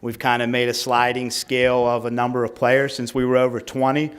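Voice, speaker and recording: A middle-aged man, a high school football coach, giving an awards speech at a team banquet, reading out names slowly with rambling asides and fillers. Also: monotone, a bit bright, clean tone.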